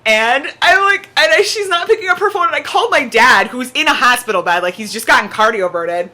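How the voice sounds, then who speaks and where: Bright-voiced young woman telling a chatty story. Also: sits high, brisk. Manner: chatty, peppered with "like", animated retelling. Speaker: vlogger. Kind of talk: casual storytelling to camera. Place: at home with her cat on her lap.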